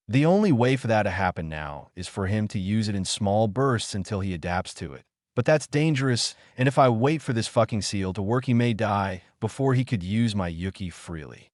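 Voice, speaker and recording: A commanding female demon fox spirit, proud and menacing, as a man reads her lines. The voice sits low yet swings widely in pitch. It sounds dry and close, with no room around it. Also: no echo, natural voice.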